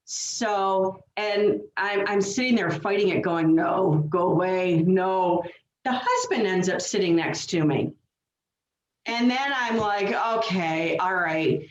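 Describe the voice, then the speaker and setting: A woman medium telling stories in a casual interview, lively and full of acted quotes. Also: mid-range voice, slow pace, a little hiss or hum. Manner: animated storytelling with acted quotes. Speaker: medium, guest. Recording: roomy, dull lo-fi sound.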